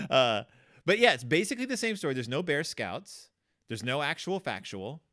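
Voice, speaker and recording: A man hosting a casual podcast discussion of a children's book, animated and quick to laugh, with plenty of fillers. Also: fairly high pitch. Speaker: podcast host.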